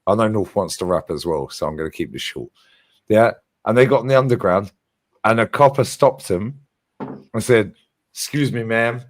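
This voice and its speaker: A London man hosting a stream on a video call, chatting casually in quick slang with laughter and swearing. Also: lowish voice, expressive. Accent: London English. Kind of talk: casual chat.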